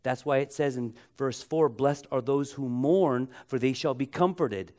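A man preaching a sermon as pastor, emphatic and repeating key phrases, slowing down to stretch words and drawing the congregation into call-and-response. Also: mid-range voice, darkish tone.

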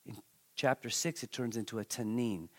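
A man's voice: medium pitch, normal speed. A man preaching a sermon, reading scripture with dramatic emphasis and turning to the congregation with conversational asides. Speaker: pastor.

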